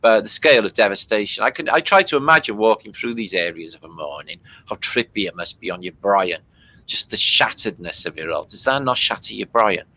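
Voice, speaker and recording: A man's voice: lowish voice, animated, fairly quick, sharp tone. A man from Britain giving loose, casual running commentary over old footage, swearing freely and filling gaps with ums. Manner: loose and chatty, swearing freely, many fillers. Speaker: host commenting on archive war footage.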